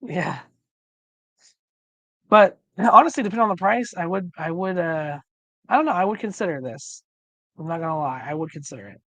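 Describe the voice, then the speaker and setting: A man co-hosting a casual livestream chat, rambling with many fillers and restarts while slowly losing his voice. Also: high voice, expressive, a bit bright, dry recording. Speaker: livestream co-host.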